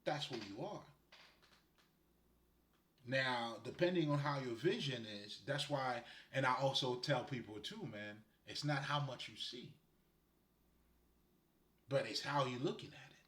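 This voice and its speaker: Rambling and laughing frequently, a laid-back spiritual guide from Haiti gives casual advice in a roomy, echoing space. He has a mid-range, fairly bright voice, speaks a little slowly, and takes long pauses.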